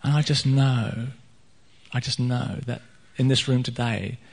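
Husky-voiced man preaching a sermon. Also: medium pitch, little pitch movement, measured pace. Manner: earnest, rising emphatic preaching with restarts. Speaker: pastor. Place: church hall. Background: soft guitar playing.

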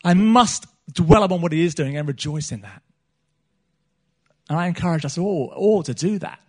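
A man's voice: fairly high pitch, expressive, normal speed, pauses often, darkish tone. A middle-aged man, preaching a sermon in a church meeting and often restarting his phrases. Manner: earnest, repeats himself and restarts phrases.

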